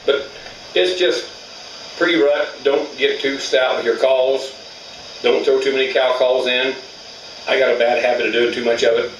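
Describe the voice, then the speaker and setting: A man's voice: medium pitch, roomy sound, far from the mic, a little hiss or hum, low-quality recording. A man teaching elk calling in a plainspoken, folksy way, with rural grammar. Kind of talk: outdoor hunting instruction.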